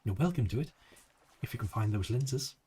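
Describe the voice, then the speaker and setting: A man's voice: mid-range voice, animated, brisk, mellow, breathy edge. A man voicing a fussy, genteel female photographer with prim, old-fashioned phrasing, read out in a game. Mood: obliging.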